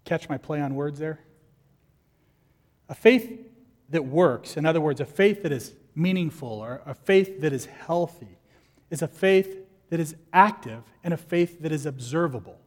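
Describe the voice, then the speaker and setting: A man preaching a sermon as pastor, lively and animated, acting out the people in his stories. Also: on the high side, normal speed, big-room sound.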